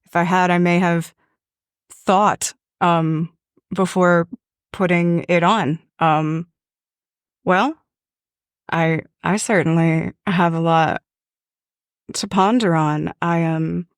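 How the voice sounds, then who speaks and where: Nervous young adventuress, played by a woman, slow hesitant delivery with vocal fry. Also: on the low side, steady tone, no room sound, studio quality. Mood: worried. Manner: hesitant, stammering.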